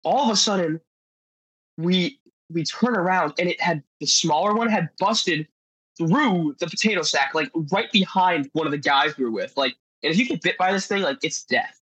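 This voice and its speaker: On a low-quality recording with no room sound, a man with a fairly high, slightly rough voice talks at normal speed. He's a podcast guest spinning adventure stories casually and animatedly, rambling and saying "like" constantly.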